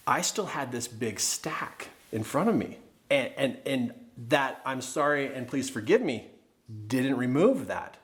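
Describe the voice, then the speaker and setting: A man working as a personal development trainer, teaching through a personal story in an earnest, animated way. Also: mid-range voice.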